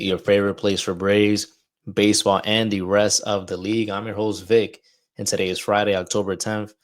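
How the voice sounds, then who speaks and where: A man's voice: lowish voice, little pitch movement, normal speed. A man hosting a casual baseball podcast, chatty and loose, a little out of breath. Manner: chatty, loose, talks through ad reads like a wrestler promo. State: a bit out of breath. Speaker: podcast host.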